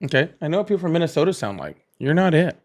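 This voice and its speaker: A man hosting a live political call-in stream, blunt and argumentative, quick to cut callers off. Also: on the high side, very animated, darkish tone. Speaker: livestream host.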